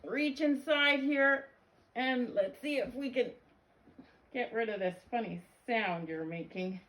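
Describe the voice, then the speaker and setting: A woman voicing a calm, kindly male vet who coaxes and reassures his patient. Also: fairly high pitch, slow, pitched above the performer's own voice. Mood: reassuring. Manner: gentle, reassuring, coaxing.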